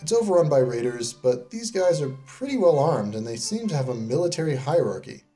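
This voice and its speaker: A man giving comedic scripted narration as a game reviewer, sarcastic and deadpan. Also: on the high side, fairly quick, soft background music. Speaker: video creator reviewing game companions.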